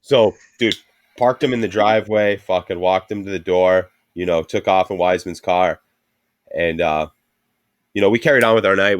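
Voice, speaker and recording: A man with a deep, low voice co-hosts a podcast in loose casual chat. He rambles through stories, swears freely and laughs along the way. His voice sounds dry and close, with no room around it. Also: no room sound. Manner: rambling profane storytelling, laughing often. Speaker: podcast co-host.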